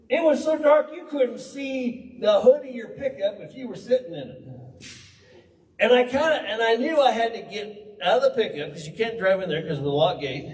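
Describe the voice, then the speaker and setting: Pastor with a high voice, telling funny stories from the pulpit, recorded from afar in a reverberant hall. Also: male voice, a little hiss or hum. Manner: animated, humorous, conversational. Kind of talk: folksy storytelling sermon. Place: church hall. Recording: roomy hall, distant mic.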